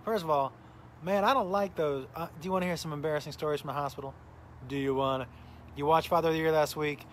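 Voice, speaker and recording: A man's voice: fairly high pitch, quick pace, a little hiss or hum. A middle-aged man, a comedian, casually chatting and telling a rambling story on a live stream, greeting viewers by name while sounding a little tired. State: tired, recovering from illness.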